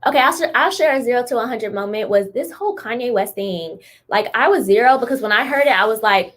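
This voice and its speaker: A woman's voice: a little high, lively intonation, fast talker, few pauses, fairly bright tone. A young woman co-hosting a podcast, talking in a blunt, emphatic, slangy way. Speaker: podcast co-host. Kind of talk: casual chat.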